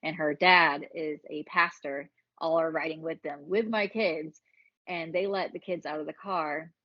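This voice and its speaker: Appearing as a podcast guest, a woman from Alabama tells her story frankly in a deep, steady, unhurried voice, swearing freely and acting out what people said. It's candid, casual storytelling, and the recording is dry with a slightly dull sound.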